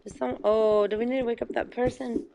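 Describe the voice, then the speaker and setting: A woman's voice: fairly high pitch, steady tone, a little fast, mellow, slight background noise. A young woman chatting casually while playing a game, telling stories with lots of fillers and giggles. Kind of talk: casual chat while gaming.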